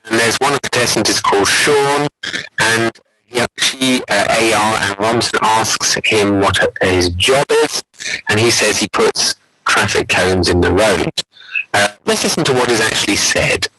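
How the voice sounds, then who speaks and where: A man's voice: fairly low pitch, a little slow, low-quality recording. A man giving an academic conference talk, explaining and acting out quoted intonations. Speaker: conference lecturer.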